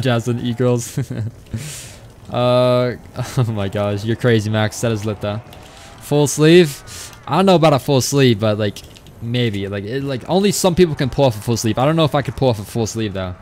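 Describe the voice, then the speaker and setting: Young man streaming a game, casual rambling chat, medium pitch, faint background hiss. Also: darkish tone. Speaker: gaming streamer. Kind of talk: live stream chat while gaming.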